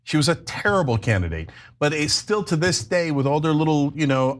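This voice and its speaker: A man's voice: a little high, animated, normal speed. Mocking man in political talk. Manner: mocking, puts on silly voices to quote others. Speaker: show co-host. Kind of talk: heated political commentary.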